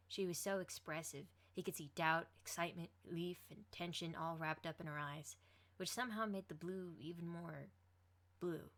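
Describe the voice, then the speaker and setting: A woman reading a fan fiction story aloud, expressive as she voices each character. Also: fairly low pitch.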